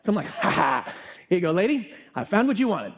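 Man preaching in church, quick delivery, fairly high voice, animated storytelling. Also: husky. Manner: animated storytelling, acting out exchanges. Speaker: pastor. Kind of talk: sermon with personal story.

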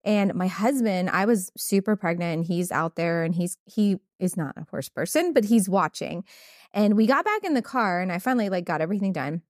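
A woman's voice: fairly low pitch, animated, a little fast, no room sound, clean studio sound. A woman veterinarian telling candid stories in casual conversation, with many fillers. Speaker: podcast host, veterinarian.

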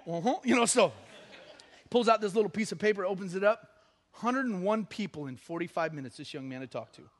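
High-voiced man preaching a lively sermon. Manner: animated storytelling, acting out the people in his stories. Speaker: pastor. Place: church service.

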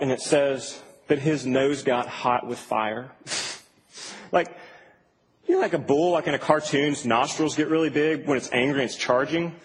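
Young male pastor, high voice, relaxed humorous delivery, long hall echo. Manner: casual, animated, humorous preaching. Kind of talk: sermon. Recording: reverberant hall, faint ambient noise.

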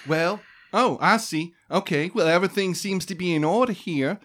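A woman's voice: lowish voice, normal speed, a bit bright, voice pushed up. A man voicing a friendly but condescending human woman clerk in a tabletop game, polite and chirpy with hesitant fillers. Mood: businesslike. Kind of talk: tabletop role-play character voice.

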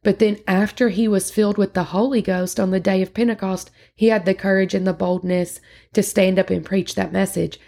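Woman host, casual sermon recap, chatty, vocal fry throughout. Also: mid-range voice, fairly even intonation, a little fast, mellow. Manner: chatty and earnest, with frequent fillers and restarts. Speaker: podcast host.

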